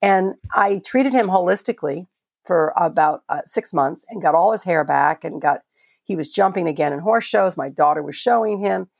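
A woman's voice: on the low side, normal speed, vocal fry, husky, dry recording. Older vet lady from florida, dry close sound, talks passionate and stops to restart a lot. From Florida, USA. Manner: passionate, conversational, with frequent restarts. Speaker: veterinarian guest. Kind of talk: podcast interview storytelling.

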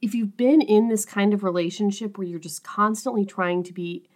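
A woman's voice: medium pitch, steady tone, moderate pace, a little mellow. A young woman co-hosting a book podcast, speaking earnestly and reflectively at length. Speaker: podcast co-host discussing a book. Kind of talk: casual chat.

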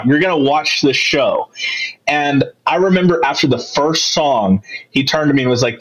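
A man's voice: mid-range voice, lo-fi sound. A man co-hosting a podcast in casual chat, laughing often and rambling. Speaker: podcast co-host.

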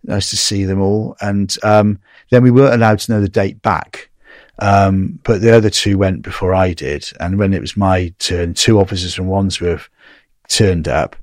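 A man's voice: low-pitched, moderate pace, no echo, clean studio sound. An English man telling a story in casual conversation, acting out the dialogue as he goes. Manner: animated, acts out quoted dialogue.

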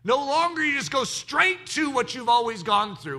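A man preaching a sermon as pastor of his church, animated, moving from quiet asides to shouted exclamations. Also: very high-pitched, normal speed, few pauses.

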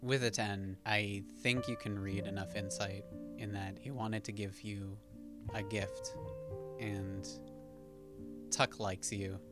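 A man running a tabletop game as game master, relaxed and laughing often as he narrates. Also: on the low side, slow pace, pauses often, loud music behind the voice.

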